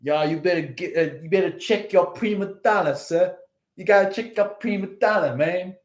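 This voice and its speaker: A man voicing a brash, loud New York man who tells someone off fast, in an echoey room. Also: high voice, close to an everyday voice. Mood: scolding.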